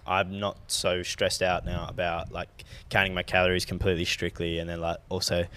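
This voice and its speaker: A man's voice: deep voice, completely flat delivery, moderate pace, fairly bright tone, clean tone. A young man co-hosting a podcast in casual chat, laid-back and swearing freely. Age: young adult. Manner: laid-back, swears a lot, trails off with fillers. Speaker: podcast co-host.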